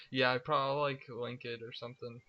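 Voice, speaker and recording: A young man chatting casually as a podcast guest, retelling old high school stories with a laugh. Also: level tone, normal speed, dry recording, muffled recording. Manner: laid-back, laughing retelling. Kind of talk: casual chat.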